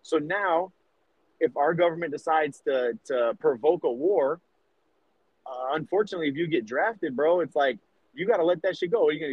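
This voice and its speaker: A man's voice: on the high side, slightly rough, no echo, phone-quality sound. A man in his thirties from the United States co-hosting a podcast, rambling and cursing as he argues his point. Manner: profane, rambling, emphatic. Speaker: podcast co-host. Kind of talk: casual podcast debate.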